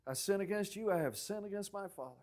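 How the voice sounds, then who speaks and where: A man preaching a sermon as pastor, telling stories with acted-out quotes and swinging from loud outbursts to near-whispers. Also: sits high, quick pace. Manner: animated storytelling preacher, acting out quotes loudly then dropping to a hush.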